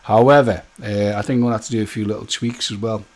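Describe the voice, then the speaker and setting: A man's voice: on the low side, fairly even intonation, fast, darkish tone. Chatty man hosting a live stream. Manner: chatty, jokey, laughing often, greeting viewers by name. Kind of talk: casual live-stream chat with viewers.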